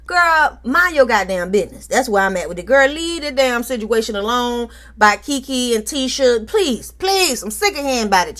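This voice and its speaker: A woman's voice: high voice, fairly bright tone. A woman hosting a casual reality TV recap, sassy and outspoken, with frequent asides. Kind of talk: casual episode recap commentary.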